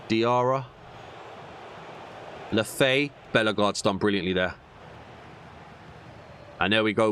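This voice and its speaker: A young man commentating on a football video game, veering between excited shouts at goals and muttered frustrated grumbling. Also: lowish voice, a little hiss or hum. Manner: animated, bursts into shouts at goals. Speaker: gaming YouTuber. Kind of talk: gameplay commentary.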